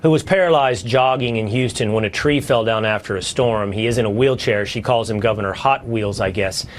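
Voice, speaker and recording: Talk show host guy setting up a clip, brisk. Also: on the low side.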